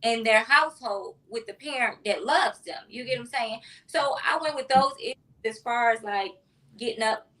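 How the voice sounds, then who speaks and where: A woman's voice: a little high, moderate pace, bright, forceful tone, distant mic, rough recording. A woman, a mother, speaking heartfelt and emotional as an interview guest. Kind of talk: interview chat.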